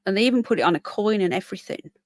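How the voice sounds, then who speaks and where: A woman's voice: mid-range voice, lively intonation, rapid-fire, dry recording. A woman hosting a casual live stream, tired and yawning, chatting to her viewers and breaking off to talk to her pets. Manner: chatty, talks to viewers and pets in between points. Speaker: livestream host. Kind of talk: casual live-stream chat, reading comments.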